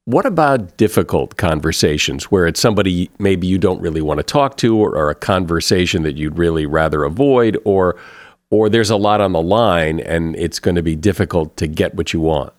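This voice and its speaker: A man hosting an interview, asking calm, measured questions. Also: low-pitched, no echo, clean studio sound. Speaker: host.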